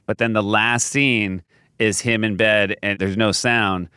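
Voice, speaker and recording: A man's voice: fairly low pitch, steady tone, a little slow, pushed and bright, smooth, dry recording, studio quality. A man hosting a podcast, casually telling stories about old comedy sketches and acting out the quoted lines with laughs. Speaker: podcast host. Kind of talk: casual storytelling chat. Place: podcast studio.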